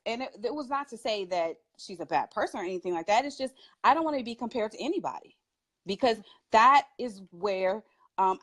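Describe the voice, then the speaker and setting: A woman who is a mother, speaking as a talk show guest and giving parenting advice in an emphatic, animated way, laughing often. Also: fairly high pitch. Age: adult with children.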